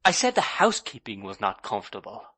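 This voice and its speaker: A man's voice: lowish voice, huge pitch swings, fast talker, bright, forceful tone, heavily acted. A man doing a childish tearful young wife. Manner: pleading, sobbing, coaxing.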